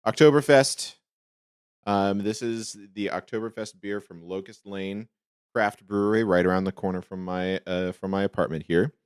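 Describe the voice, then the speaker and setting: Low-voiced joking podcast host man. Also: fairly even intonation, normal speed, smooth, no echo, studio quality. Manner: joking, rambling, playful voice shifts. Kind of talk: casual chat.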